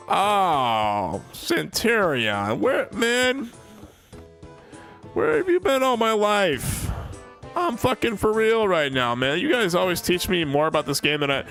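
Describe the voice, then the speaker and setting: A young man chatting with his viewers while streaming a game, swearing, laughing in bursts and getting worked up. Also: medium pitch. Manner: excitable, swears a lot, laughs in bursts, talks to chat. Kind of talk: live gaming stream chat.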